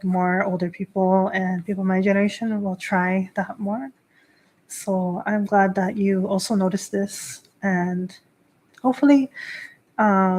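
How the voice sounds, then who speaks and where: A woman's voice: medium pitch, darkish tone. A woman in her thirties hosting a casual livestream talk as a priestess. She answers chat in a chatty, filler-heavy way and laughs often. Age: 30s. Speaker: host and Shinto priestess.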